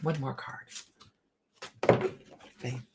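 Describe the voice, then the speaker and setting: A woman's voice: drawn-out words, very noisy. Chatty, laughing woman on a livestream. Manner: chatty, laughs often, talks to chat by name. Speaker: livestream host reading tarot cards. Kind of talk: casual live chat with viewers.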